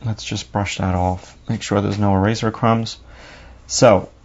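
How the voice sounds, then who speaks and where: A man's voice: fairly low pitch, flat delivery, a little slow, dull audio. A man with a New York accent narrating a drawing lesson, talking casually and thinking aloud as he works. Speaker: drawing teacher.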